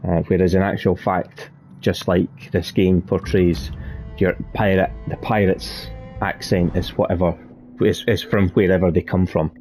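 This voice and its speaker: A man with a deep, warm voice hosts his gaming channel and comments as he plays. He talks in a loose, chatty way, circling back and correcting himself mid-sentence. Soft music sits quietly under his voice. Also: little pitch movement, measured pace. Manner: chatty, rambling, self-correcting. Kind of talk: let's play commentary.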